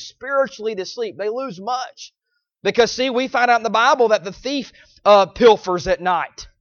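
A man preaching a sermon, repeating phrases and swinging between loud pleading cries and low, quiet lines. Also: no echo, highs cut off.

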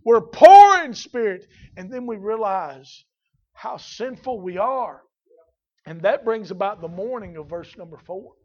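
A male preacher with a high voice delivers a sermon, shifting from calm, quiet explanation to loud, slow, shouted passages. The recording sounds muffled and dull. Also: breathy edge. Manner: swings from quiet teaching to shouted, drawn-out exclamations.

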